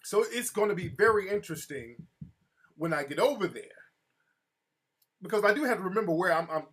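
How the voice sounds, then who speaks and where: A man's voice: sits high, lively intonation, brisk, fairly bright tone, slightly rough. A man hosting his own live show, telling a story in a loose, streetwise manner and breaking off to answer chat comments. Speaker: show host. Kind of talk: casual live-show monologue.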